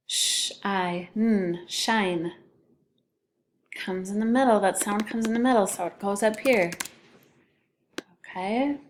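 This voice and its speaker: A woman teacher giving a recorded spelling lesson to children, patiently sounding out letters and syllables. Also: mid-range voice.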